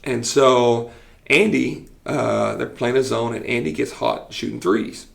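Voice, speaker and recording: A man, a coach telling lively stories on a podcast and acting out what people said. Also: medium pitch, a little slow, gravelly. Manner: animated storyteller who acts out quotes with laughs. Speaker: football coach and teacher.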